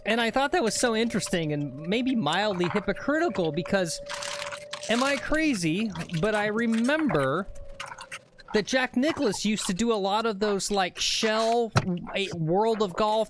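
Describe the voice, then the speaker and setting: A man's voice: sits high, slight background noise. A man hosting a casual golf livestream, chatting and rambling as he reads viewer comments aloud. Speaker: livestream host.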